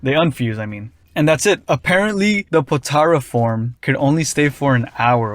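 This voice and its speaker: A man's voice: medium pitch, lively intonation, moderate pace, few pauses, no room sound. A man giving a casual, rambling opinion rant as an anime commentator, often frustrated and dismissive.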